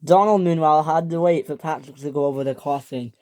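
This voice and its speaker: This toy train story comes from a storyteller who often restarts and corrects themselves, voicing every character higher and louder. They speak briskly over a noisy background.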